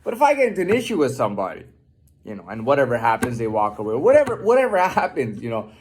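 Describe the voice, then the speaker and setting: A man's voice: mid-range voice, huge pitch swings, quick pace, darkish tone, slight background noise. A man delivering an unscripted, profane, defiant monologue rant, often repeating and restarting his words.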